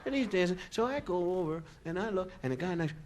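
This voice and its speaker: Man, stand-up storyteller, from Philadelphia, high lively voice, chatty and animated. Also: quick pace, slight background noise. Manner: animated, conversational, full of "you know" and "man". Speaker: comedian.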